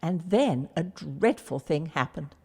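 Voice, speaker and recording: Expressive woman reading a story. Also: deep voice, slow, slightly rough. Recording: long reverb.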